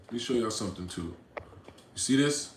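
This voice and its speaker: A man's voice: animated, a little fast, echoey room, a little hiss or hum. Blunt, profane man ranting on livestream. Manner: swings between low mutters and loud outbursts. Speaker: livestream host reading chat. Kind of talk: casual livestream rant.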